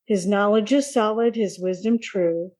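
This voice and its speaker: Slow, mellow woman reading aloud. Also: mid-range voice. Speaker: podcast participant reading aloud.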